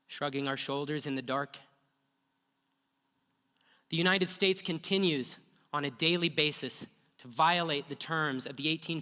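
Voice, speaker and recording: A man's voice: fairly high pitch, pushed and bright. Earnest man speaking in a reverberant hall. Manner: slow, measured and earnest. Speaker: speaker in a played talk video. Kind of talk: formal prepared speech.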